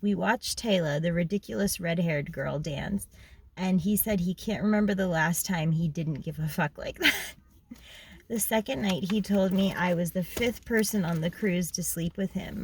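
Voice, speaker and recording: Young woman host, low voice, casual and candid, reads from her diary with frequent ums. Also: moderate pace, slight background noise. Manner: frank, chatty, with filler ums and laughs. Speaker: podcast host reading her journal. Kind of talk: casual journal reading.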